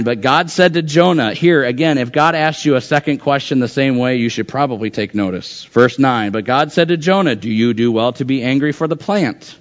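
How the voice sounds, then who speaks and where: A pastor preaching a conversational sermon, acting out the voices from the text as he goes. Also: medium pitch. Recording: dull lo-fi sound.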